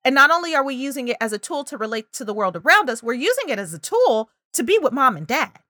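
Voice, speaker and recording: A woman's voice: high-pitched, sing-song, fast talker, sharp tone, dry recording, studio quality. A woman talking parents through early reading and language signs, acting out child and parent voices now and then. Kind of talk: parenting advice video.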